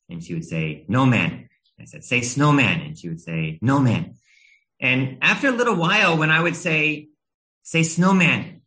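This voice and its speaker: A man in his thirties delivers a sermon, earnest and gentle, pausing now and then with small hesitations as he tells a story from home. His tone is bright and clear, sitting at an ordinary middle pitch for a man. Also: poor audio. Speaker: preacher.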